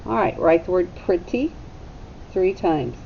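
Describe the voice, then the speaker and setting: A woman teacher giving a phonics lesson to young children, sounding out letters slowly and deliberately. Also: lively intonation, gravelly. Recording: slightly dull recording with faint rumble.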